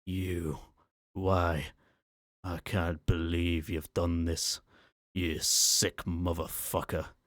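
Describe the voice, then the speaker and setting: A man's voice: low voice, flat delivery, extremely slow, dry recording, studio quality. A man voicing a furious, foul-mouthed male mascot robot with a Scottish accent, snarling and menacing, in an ASMR story reading. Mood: enraged.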